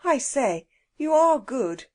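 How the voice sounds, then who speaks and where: A woman reading a children's storybook, voicing a grumbling schoolboy who speaks low and hushed. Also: sing-song, slow, full character voice. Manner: whispering, grumbling.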